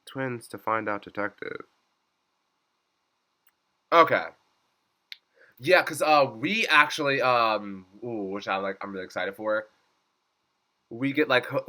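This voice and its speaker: A young man who makes reaction vlogs gives a chatty, casual recap of an episode, his medium-pitched voice sharp in tone. He says "like" constantly and acts out quotes in swooping voices.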